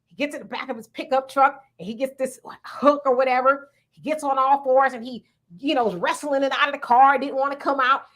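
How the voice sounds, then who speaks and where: High bright animated woman telling a story. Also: brisk. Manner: animated storyteller acting out quoted people. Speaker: host. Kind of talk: casual storytelling chat.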